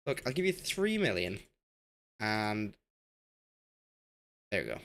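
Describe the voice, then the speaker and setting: A man's voice: on the low side, sing-song, slow pace, vocal fry, a bit bright. A man streaming a game, rambling in casual commentary and talking to the players on screen as he goes, while losing his voice.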